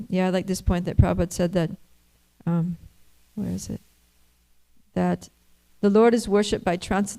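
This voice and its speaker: A woman's voice: on the low side, gravelly, a little mellow, poor audio. A woman giving a scripture class, telling a story and reading commentary aloud in a conversational way with many fillers. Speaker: religious class speaker.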